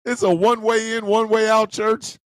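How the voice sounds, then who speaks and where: A male host in a profane, loud comedic live-stream rant who laughs often. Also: sits high, little pitch movement, normal speed, no room sound.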